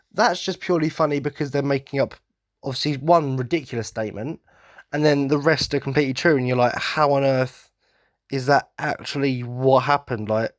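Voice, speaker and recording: A man's voice: mid-range voice, no echo, clean studio sound. A man hosting a casual solo podcast rant, rambling and going off on tangents, enthusiastic and self-mocking. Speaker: podcast host.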